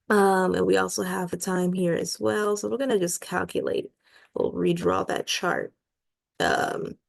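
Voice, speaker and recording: A young woman in her twenties teaches astrology casually, thinking aloud with plenty of ums and uhs. Her voice sits a little low and crackles with vocal fry, worn and hoarse as she loses it. She speaks through her laptop's built-in mic on a video call. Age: 20s. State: losing her voice. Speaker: astrologer host. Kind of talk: casual screen-share astrology lesson. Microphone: laptop built-in mic over a video call.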